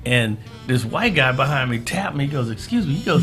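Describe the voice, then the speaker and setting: A man's voice: medium pitch, a little fast, few pauses, over music. A man in his fifties from Southern California, a guest in a casual interview, telling stories and acting out the voices of the people in them. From Southern California, USA. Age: 50s. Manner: animated storyteller, acts out quoted voices.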